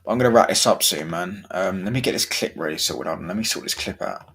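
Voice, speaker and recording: A man's voice: low voice, brisk, fairly bright tone, slight background noise. A young man chatting casually about football, full of slang and swearing, his throat sore. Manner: slangy, swearing, laid-back banter. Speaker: football vlogger.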